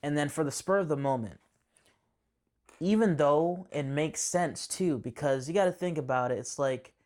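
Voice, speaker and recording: A man giving a casual spoken movie review, excitable and rambling, with frequent restarts and slangy asides. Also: fairly high pitch.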